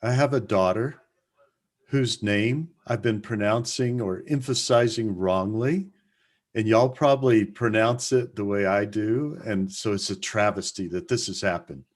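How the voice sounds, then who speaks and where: A man's voice: lowish voice, a little slow. A man moderating a group mentoring call, friendly and self-deprecating. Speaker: session moderator.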